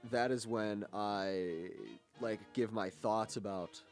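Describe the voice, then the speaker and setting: A man's voice: fairly low pitch, steady tone, slow pace, faint music behind. A young man hosting a college radio show, chatting casually and rambling with lots of fillers and restarts. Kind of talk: casual on-air chat.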